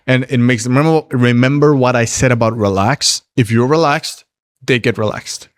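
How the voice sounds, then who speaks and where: A man's voice: mid-range voice, moderate pace. A man coaching on dating during a casual livestream Q&A, reading viewer questions aloud and answering in a blunt, profane, laid-back way.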